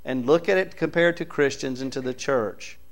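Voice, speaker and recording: A man's voice: mid-range voice, normal speed. A man preaching a sermon, reading scripture aloud and pressing his points with rising, emphatic bursts.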